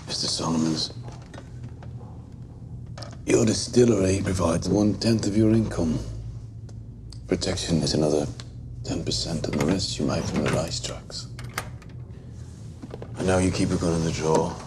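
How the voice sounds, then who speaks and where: An actor playing a cold, calculating Birmingham gang boss in a crime drama, with a Birmingham accent, speaking quietly and in a clipped, controlled way. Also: male voice, low-pitched, moderate pace, pauses often, close to an everyday voice. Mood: cold calm. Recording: steady background noise.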